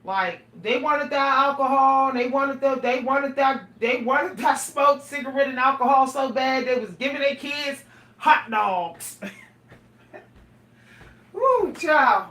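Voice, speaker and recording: A woman's voice: high voice, measured pace, a bit bright. A middle-aged woman, talking casually and animatedly to her viewers, laughing and exclaiming often. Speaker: vlogger. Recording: echoey room, voice a bit far from the mic.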